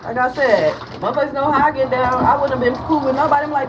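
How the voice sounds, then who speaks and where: A woman's voice: high voice, steady tone, fast talker, noisy background. A woman vlogger venting in a casual, profane monologue, laughing often, with speech.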